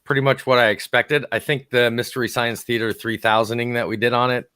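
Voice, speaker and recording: A man's voice: medium pitch, little pitch movement, fairly quick, pushed and bright, smooth. A man co-hosting a podcast, leading the talk casually and laughing often. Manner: laughs often, steers the discussion. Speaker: podcast co-host. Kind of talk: casual comedic chat.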